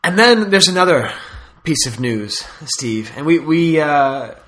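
A man's voice: fairly high pitch, lively intonation, measured pace, pushed and bright. A man hosting a podcast in casual chat, rambling through stories with asides. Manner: rambling, storytelling with laughs and asides. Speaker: podcast host.

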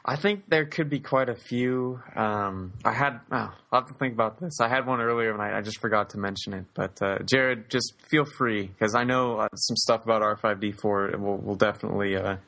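A man's voice: fairly low pitch, brisk, hardly any pauses, sharp tone. Easygoing man co-hosting a podcast. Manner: easygoing, agreeable, laughs along. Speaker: podcast co-host. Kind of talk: casual chat.

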